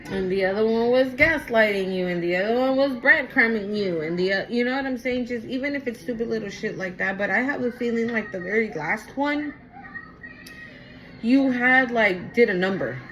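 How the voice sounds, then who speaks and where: A woman's voice: fairly high pitch, expressive, moderate pace, a bit bright, faint music behind, rough recording. Chatty woman giving a tarot reading. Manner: repetitive, emphatic, chatty. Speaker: tarot reader. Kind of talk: casual spoken tarot reading.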